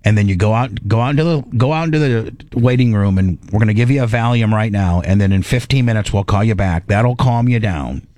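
A man's voice: fairly low pitch, brisk, few pauses, dry recording. A middle-aged man hosting a radio show, telling a story in casual chat and acting out his own inner voice. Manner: animated, acts out his inner voice.

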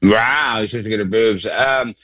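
A man co-hosting a podcast, chatting casually and animatedly with quick asides. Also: lowish voice, a bit bright, no echo. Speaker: podcast co-host. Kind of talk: casual chat.

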